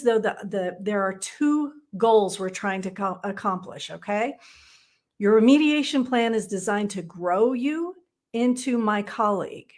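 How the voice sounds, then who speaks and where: A woman with a slightly high voice runs a casual live training session for counseling supervisors. She talks bluntly and playfully, with frequent "right?" checks to her viewers. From Texas. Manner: chatty, frequent "right?" tag questions. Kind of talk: casual live-streamed teaching.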